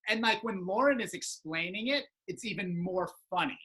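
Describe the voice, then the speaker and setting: A podcast host chatting casually, excitable and quick to laugh while retelling stories. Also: mid-range voice, rough recording. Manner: excitable, laughs often, acts out quoted people. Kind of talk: casual chat.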